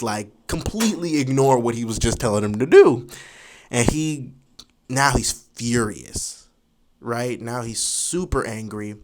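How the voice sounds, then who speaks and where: A young man in his twenties telling a school story casually, animated and full of fillers like "you know". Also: mid-range voice, slight background noise. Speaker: vlogger.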